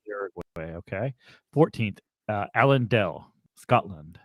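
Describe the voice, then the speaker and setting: A podcast co-host in casual chat, reading names aloud haltingly with wry asides. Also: low voice, animated, no echo, studio quality.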